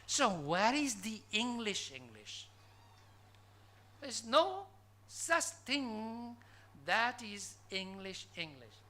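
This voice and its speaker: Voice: mid-range voice, very animated, very slow, bright, forceful tone. A conference speaker from Bangladesh giving an academic lecture in a college hall, posing emphatic rhetorical questions to the audience.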